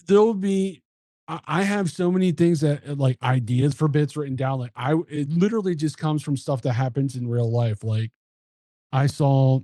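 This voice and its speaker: Comedian guest, man, rambling storyteller, dark warm tone, dry close mic. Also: a little high, moderate pace, dry recording. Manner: rambling, laughs through his stories. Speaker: comedian and podcast co-host. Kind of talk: casual chat.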